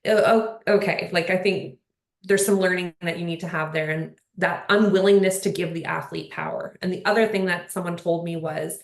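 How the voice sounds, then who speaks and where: A woman's voice: on the low side, steady tone, fairly quick. A woman speaking on a panel in casual conversation, earnest and rambling, with lots of "like" and "you know". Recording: roomy echo.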